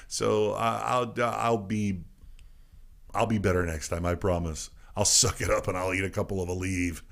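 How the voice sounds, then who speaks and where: A man's voice: sits low, steady tone, normal speed, gravelly, fairly bright tone. A man hosting a casual talk show, joking and teasing his co-hosts. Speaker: radio show host. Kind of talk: casual chat.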